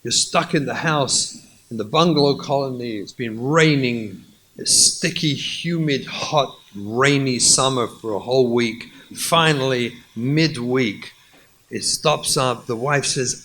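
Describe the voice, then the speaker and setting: A man's voice: mid-range voice, slow pace, a bit bright, slight background noise, rough recording. A man, a rabbi, giving a lecture on marriage, animatedly repeating his key points and acting out little scenes. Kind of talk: lecture with acted stories.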